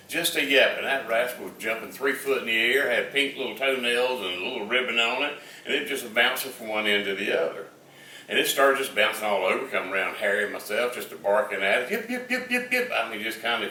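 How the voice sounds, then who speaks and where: A man's voice: lowish voice, bright, forceful tone, echoey room, far from the mic, slight background noise, rough recording. An older man with a Southern US accent telling a rambling, folksy story full of fillers.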